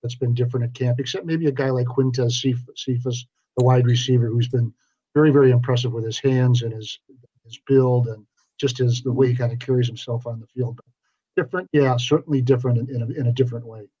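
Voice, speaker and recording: A man's voice: medium pitch, steady tone, quick pace, warm tone, breathy edge, muffled recording. An older man co-hosting sports radio, telling stories in a dry, wry way. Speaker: sports reporter and co-host. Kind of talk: casual sports radio chat.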